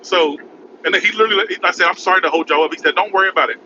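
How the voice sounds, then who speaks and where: A man telling a rambling, frantic story in a casual vlog, recorded in his car by a highway. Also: rapid-fire. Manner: rambling, frantic, repeats "oh my God". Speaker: vlogger. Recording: muffled with road noise.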